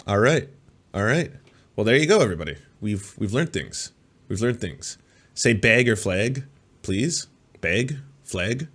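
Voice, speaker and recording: A man's voice: fairly low pitch, animated, unhurried, fairly bright tone. A man with a Canadian accent hosting a live commentary stream, sarcastic and profane, with many filler sounds. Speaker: host.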